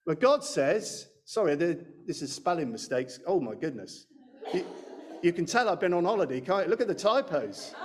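A man's voice: fairly high pitch, big pitch swings, moderate pace. A man preaching a sermon in a church, chatty and self-deprecating, speaking into a handheld mic. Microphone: handheld microphone.

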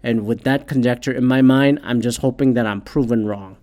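A man hosting his own show, delivering a heated, profanity-laden opinion rant that swings between loud outbursts and quieter asides. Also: mid-range voice, a little fast. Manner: heated, swears constantly, shifts loud and soft. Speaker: podcast host.

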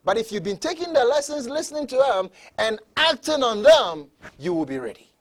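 A male pastor preaching a sermon, often repeating words and restarting, moving from soft asides to loud emphatic declarations. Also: extremely high pitch, sing-song, fairly quick. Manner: repeats words, stammering restarts, laughs between points.

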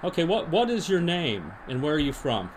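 A man hosting a podcast, deadpan and rambling with many restarts, in an improvised comedy monologue and mock interview. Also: a little high, moderate pace, a crowd in the background. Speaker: podcast host.

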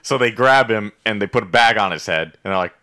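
Deep-voiced, bright-toned male co-host, rambling and profane, loose casual chat. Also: fast talker, clean tone. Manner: rambling, profane, playful recap with silly nicknames. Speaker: podcast co-host recapping an episode.

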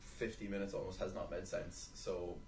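A man's voice: low voice, little pitch movement, normal speed, a little mellow, faint music behind. A man hosting a casual chat, teasing his guests as he runs the segments. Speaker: podcast host. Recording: echoey room, off-mic.

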